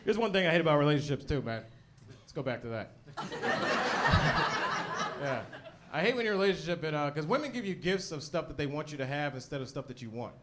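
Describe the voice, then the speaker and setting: A man's voice: on the high side, sing-song, a little fast, pauses often, background noise. A man in his forties performing live stand-up in a comedy club, chatting with the crowd and checking for agreement. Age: 40s. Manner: conversational, asks the crowd for agreement. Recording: live club with audience laughter.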